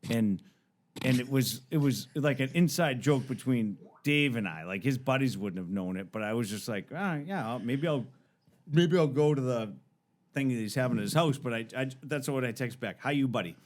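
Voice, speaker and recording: A man's voice: medium pitch, normal speed. A man in his thirties, a podcast guest, telling a story in casual chat, swearing freely and acting out both sides of phone calls.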